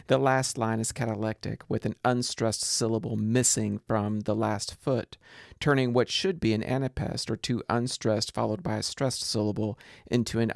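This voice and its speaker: A man lecturing on literature in a measured, deliberate way, reading verse aloud. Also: medium pitch, vocal fry, no echo, clean studio sound. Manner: measured, deliberate delivery with poems read aloud. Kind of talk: recorded lecture.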